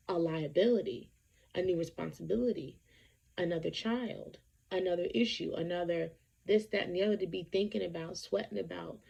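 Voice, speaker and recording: Gravelly, emphatic woman vlogger. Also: lowish voice, darkish tone. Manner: emphatic, repetitive, conversational. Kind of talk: casual opinion talk to camera.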